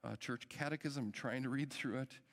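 A man's voice: mid-range voice, normal speed, creaky. A middle-aged man, a pastor, preaching a sermon in an earnest, emphatic way that builds with urgency. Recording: long hall reverb.

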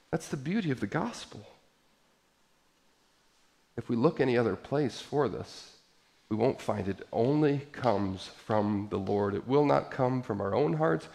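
A middle-aged man preaching a sermon as pastor, swinging from quiet asides to loud, emphatic passages. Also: medium pitch, lively intonation, measured pace, creaky.

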